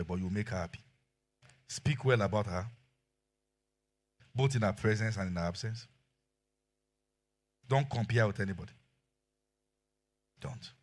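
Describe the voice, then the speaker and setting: A middle-aged man with a Nigerian accent preaching a sermon as pastor, telling animated stories and acting out quotes. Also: lowish voice. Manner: animated storytelling with acted quotes and laughter.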